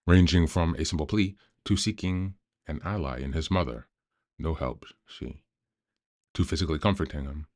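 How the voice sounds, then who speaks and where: A man hosting a self-help podcast, reading a book aloud in a calm, measured way. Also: a bass voice. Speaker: podcast host.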